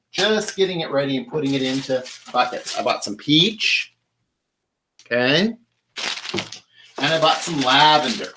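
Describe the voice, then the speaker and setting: A man's voice: on the high side, noisy background. A man hosting a live flower-care tutorial, chatting while he works at a table and repeating his tips for emphasis. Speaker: florist host.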